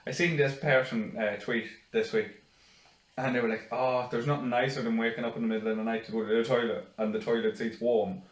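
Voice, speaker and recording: A man's voice: mid-range voice, a little fast. A man co-hosting a casual podcast, swearing freely and acting out stories. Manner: animated storyteller, swears a lot, acts out quotes. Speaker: podcast co-host. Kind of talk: casual banter. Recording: echoey room, far from the mic.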